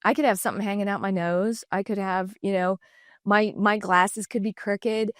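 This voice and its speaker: Candid and lively, this middle-aged woman shares personal anecdotes as a podcast guest, speaking at a medium pitch and normal speed. A designer and entrepreneur, she acts out quoted dialogue in changing voices, captured in clean studio sound with no room noise.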